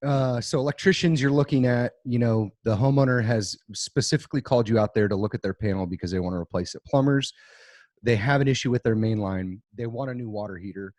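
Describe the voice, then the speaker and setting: A man's voice: medium pitch, fast talker, no room sound. Man in his 30s chatting and telling stories on a podcast, dry room. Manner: storytelling, animated. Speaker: podcast co-host. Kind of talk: casual chat.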